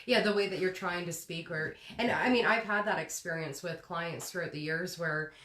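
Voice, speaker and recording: A woman's voice: on the low side, moderate pace, fairly bright tone, echoey room. A woman hosting a casual live talk, often ending her sentences on a rising note and laughing easily. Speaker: host. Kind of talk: casual conversational live stream.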